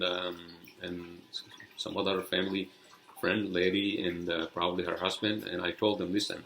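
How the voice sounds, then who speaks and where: Low-voiced man ranting angrily. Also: a bit bright, roomy sound, slight background noise. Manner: angry, profane, rambling. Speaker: podcast host. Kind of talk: solo podcast rant.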